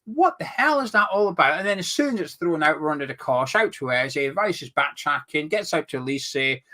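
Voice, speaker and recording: A man's voice: a little high, lively intonation, fairly quick, bright, forceful tone. A young man hosting a fan channel, ranting about a match in a worked-up, exasperated and sarcastic way. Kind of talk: heated football fan commentary.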